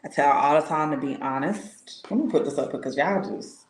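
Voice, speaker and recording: A woman's voice: deep voice, moderate pace, echoey room, a little hiss or hum. A woman, a tarot reader, chatting casually with her viewers, telling stories with lots of laughter and slang. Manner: laughs often, animated storytelling, slangy. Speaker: tarot reader and spiritual consultant. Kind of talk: casual livestream chat with viewers.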